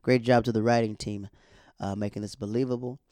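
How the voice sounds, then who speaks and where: A man talks through a TV episode in a loose, chatty way, full of asides and laughs. His voice is dark and mellow. The sound is dry and close, with no room echo. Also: fairly low pitch, a little fast. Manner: animated, chatty, colloquial, laughs often. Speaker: TV show recap vlogger. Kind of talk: casual episode recap.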